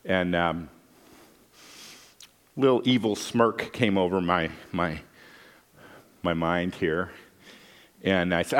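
A man's voice: deep voice, steady tone, slow pace, pauses often, fairly bright tone. A middle-aged male pastor preaching a sermon in a folksy, conversational way, telling stories and checking in with his listeners. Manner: folksy, conversational, with frequent "right?" asides. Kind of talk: sermon with storytelling.

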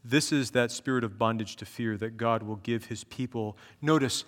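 A man preaching an expository sermon, reading scripture and commenting on it. He talks earnestly, building to emphatic peaks and then dropping low and slow. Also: in a large hall.

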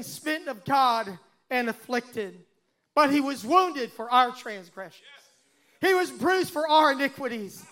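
A pastor preaching a sermon and reading scripture aloud, with dramatic swells and sudden hushes. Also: male voice, extremely high pitch. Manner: dramatic, swelling and dropping to a hush.

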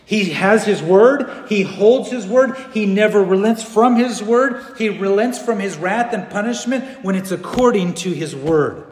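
A man preaching a sermon as pastor, animated, swinging between loud bursts and hushed passages. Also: high voice, a little slow, few pauses. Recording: echoey hall.

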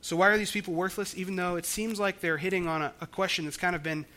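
A man's voice: sits high, fairly even intonation, fast, bright, forceful tone. A man preaching a sermon, explaining scripture in a conversational way with frequent restarts. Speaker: pastor.

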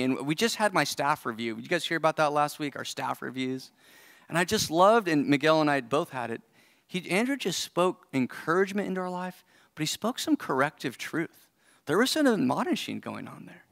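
A man's voice: a little high, fairly bright tone, no echo, clean studio sound. A man in his forties preaching a sermon as pastor, earnest and conversational, thinking aloud as he goes. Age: 40s. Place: church service.

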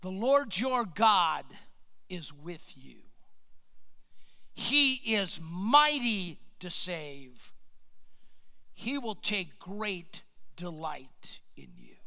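High-voiced, unhurried man preaching a sermon. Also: creaky. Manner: earnest storytelling preaching, drops to a hushed near-whisper for tender points. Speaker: pastor.

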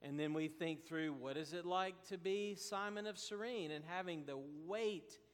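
A man preaching a sermon as pastor, slow and deliberate with emphatic pauses. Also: sits high, smooth, in a large hall.

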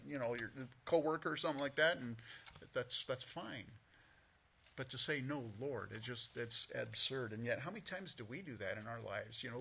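A man pastor teaching verse by verse in a relaxed, folksy way, with many fillers and restarts. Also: medium pitch. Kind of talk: conversational Bible teaching.

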